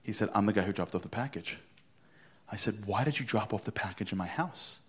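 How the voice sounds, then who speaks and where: A middle-aged man from Brooklyn, telling a story on stage in an animated, theatrical way, acting out the dialogue and dropping to a hush for punchlines. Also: lowish voice, a little fast, husky. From Brooklyn, New York. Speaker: motivational speaker.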